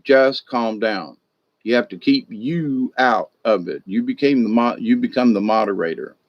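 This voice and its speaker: A man's voice: medium pitch, normal speed, no room sound, dull audio. Rambling folksy man, dry close sound. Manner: rambling, repeats himself, folksy. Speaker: spiritual discussion host. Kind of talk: casual spiritual talk.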